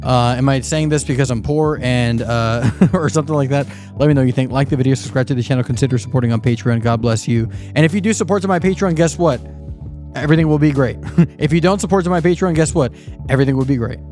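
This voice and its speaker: A man's voice: medium pitch, fairly even intonation, quick pace, few pauses, a little mellow, soft background music. A man hosting his own commentary channel, reacting indignantly and sarcastically to a preacher's clip. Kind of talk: critical video commentary.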